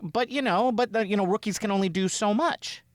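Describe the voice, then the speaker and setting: A man co-hosting a sports podcast with his brother, talking in a rambling, animated way and often acting out quotes. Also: high-pitched, a little fast, no echo. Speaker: podcast co-host. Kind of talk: casual sports chat.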